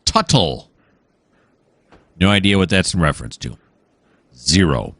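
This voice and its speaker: A male gaming host gives casual let's-play commentary. His voice sits low but rises and falls in lively swings. He rambles, stops to muse aloud, and fills pauses with plenty of uhs. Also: slightly rough, no room sound. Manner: rambling, easily distracted, musing aloud with many fillers.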